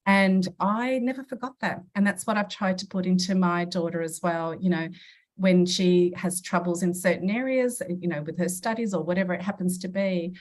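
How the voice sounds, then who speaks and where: A woman's voice: lowish voice, normal speed. A woman in her fifties, a podcast guest, telling personal stories in an earnest, reflective way. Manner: earnest, reflective, acts out quoted dialogue. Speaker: podcast guest, medium and mentor. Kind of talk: personal storytelling in a podcast interview.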